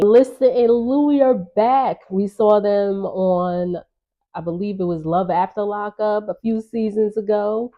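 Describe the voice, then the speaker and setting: A woman's voice: fairly low pitch, warm tone, lo-fi sound. A woman vlogger recapping a reality show in a chatty, gossipy way, with laughing asides. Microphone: on-camera.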